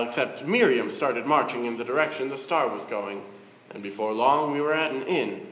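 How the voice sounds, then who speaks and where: A man's voice: mid-range voice, a bit bright. A man narrating a church pageant in an easygoing, wry storytelling manner. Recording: echoey church hall, reverb.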